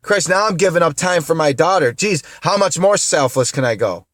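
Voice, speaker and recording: A man's voice: fairly high pitch, lively intonation, moderate pace, fairly bright tone, no room sound. Upset man venting, tearful. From upstate New York. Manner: upset, indignant, repeats himself. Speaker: vlogger. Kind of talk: emotional venting to camera.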